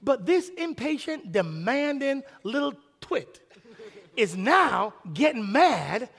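A high-voiced, bright-sounding man delivers an animated sermon as pastor. He hammers phrases again and again for emphasis, and his voice rings out through a large hall with a long echo. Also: slow, creaky, slightly rough. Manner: animated, acts out quoted dialogue, repeats phrases for emphasis.

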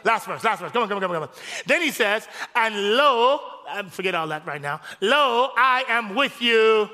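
A male pastor preaching a sermon, rising to shouts on key phrases in call-and-response style, in a church sanctuary. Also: high voice, expressive, moderate pace, in a large hall.

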